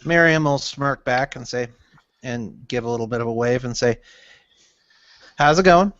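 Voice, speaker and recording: A man's voice: medium pitch, moderate pace, fairly bright tone, no echo. A man playing a tabletop game, describing his character's actions in a matter-of-fact way. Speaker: player. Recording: dull lo-fi recording.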